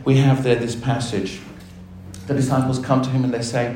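A man preaches a sermon to his congregation in an animated way, often stopping to put questions to the people listening. His voice sits at an ordinary middle pitch. The recording carries the echo of a large room, with faint ambient noise underneath. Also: moderate pace. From Australia. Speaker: pastor. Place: church. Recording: echoey church hall with faint ambience.

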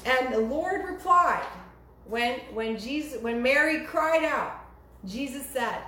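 A woman's voice: high voice, expressive, slow, pushed and bright. A woman preaching a sermon in an emphatic manner, her voice rising sharply when she quotes cries to God. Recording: echoey room with faint noise.

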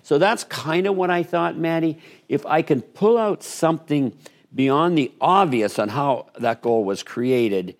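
An older man, a retired goalie turned color commentator, telling stories in a relaxed podcast chat and acting out quotes. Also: unhurried. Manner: animated, acts out quotes with lively pitch jumps. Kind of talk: relaxed storytelling in a sports podcast.

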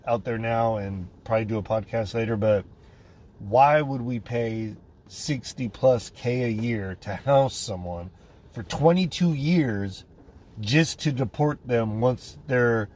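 A man's voice: medium pitch, a little mellow. A man hosting a podcast, telling a story in a casual, profane way and acting out other people's voices. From United States. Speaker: podcast host.

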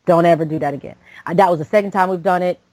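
A woman's voice: fairly low pitch, fairly even intonation, racing, a little mellow, no room sound, poor audio. A woman in her late thirties from Florida, a podcast host telling a personal story with lots of fillers and restarts. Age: late 30s. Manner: rambling, with many fillers and restarts.

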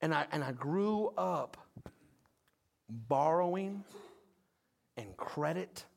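Animated preaching man. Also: on the high side, slow, vocal fry. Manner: animated preaching with call-outs. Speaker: pastor. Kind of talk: sermon.

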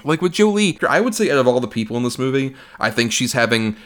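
A man co-hosting a film podcast, talking casually and animatedly, swearing often and mocking characters with quick impressions. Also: mid-range voice, very animated. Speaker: podcast co-host. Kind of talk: casual film review chat.

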